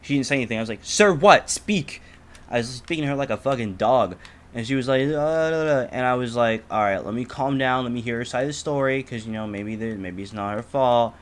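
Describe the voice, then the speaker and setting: A teenage man telling a story on a podcast in casual chat, swearing a lot and acting out the people in it loudly. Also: mid-range voice, fast. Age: teens. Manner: animated, profane, acts out quotes loudly. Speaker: podcast co-host.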